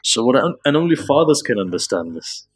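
A man preaching a sermon, slowing down and rising to high, impassioned pleading as he tells stories. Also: sing-song, husky. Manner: slow, drawn-out emphasis. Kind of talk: emotional religious sermon.

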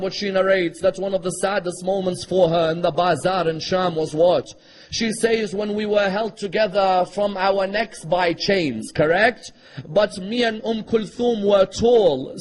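A man preaches an emotional religious sermon in a strikingly high voice. He tells the story with deep feeling and keeps turning to his listeners with rhetorical questions. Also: poor audio.

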